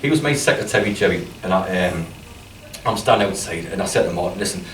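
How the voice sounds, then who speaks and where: A man's voice: sits low, lively intonation, fast, fairly bright tone. A man with a strong regional accent, a football manager telling chatty, self-deprecating stories at a press conference. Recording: echoey room, distant mic, faint noise.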